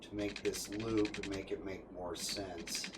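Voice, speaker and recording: A man streaming casual gameplay commentary who rambles with many fillers and restarts and gets excited and loud about cars. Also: low-pitched, slow pace, heavy background noise.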